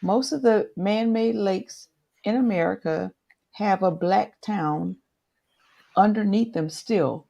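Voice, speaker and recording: A woman guest in a casual discussion, earnestly explaining things with halting restarts. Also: mid-range voice, gravelly, dark tone.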